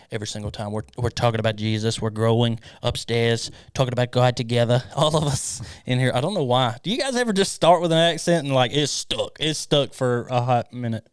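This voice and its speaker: Guy hosting a chill podcast, laughs a lot, smooth clear voice, dry studio sound. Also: medium pitch, no echo. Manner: laughs often, animated, playful. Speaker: podcast host. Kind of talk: casual chat. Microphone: studio mic.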